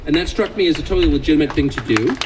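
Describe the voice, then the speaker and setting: Lively sardonic American man speaking. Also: fairly high pitch, very fast, crowd noise, background noise. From United States. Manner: sardonic, joking, increasingly impassioned. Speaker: invited speaker. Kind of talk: public speech to a live audience.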